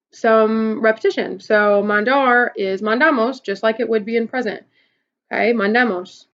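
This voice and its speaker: A woman's voice: on the high side, highs cut off. Woman teacher explaining step by step. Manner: patient, step-by-step explaining with frequent "okay" and "um". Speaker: Spanish teacher. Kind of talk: recorded classroom lesson video.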